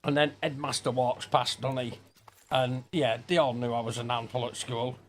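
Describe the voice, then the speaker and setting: A man's voice: medium pitch, level tone, normal speed, slight background noise. A middle-aged man, rambling and swearing through school anecdotes while playing a game. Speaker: gaming streamer. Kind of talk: casual storytelling over gameplay.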